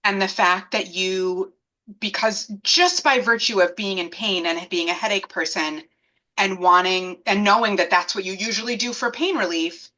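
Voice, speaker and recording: A woman in her thirties telling a personal story as an interview guest, animated and acting out the voices of people she quotes. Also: mid-range voice, normal speed, rough recording.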